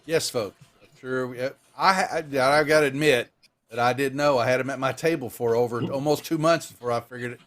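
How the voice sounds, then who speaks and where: A man's voice: medium pitch, a little fast, fairly bright tone, faint music behind. Laid-back man running a tabletop game. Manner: rambling, laid-back, self-deprecating. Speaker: dungeon master. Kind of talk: casual game mastering.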